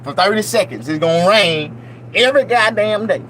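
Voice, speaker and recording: A middle-aged vlogger from Mississippi with a Southern accent rambles loosely and profanely to his viewers, animated and dropping mock-preaching asides. His voice is high and his pace normal. The audio is poor, with slight background noise.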